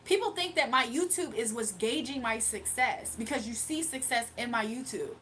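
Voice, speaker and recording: A young woman with a high voice hosts a casual livestream, talking straight to her chat. She sounds combative and mocking as she brushes off critics. A faint room ambience sits under her webcam mic. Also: animated, normal speed, a bit bright, slight background noise. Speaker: livestream host.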